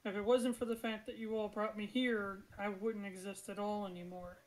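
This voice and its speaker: A woman voicing a calm ancient female spirit, speaking softly and politely in a tabletop game. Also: medium pitch, normal speed, lightly acted, poor audio. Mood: wistful. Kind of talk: tabletop game role-play.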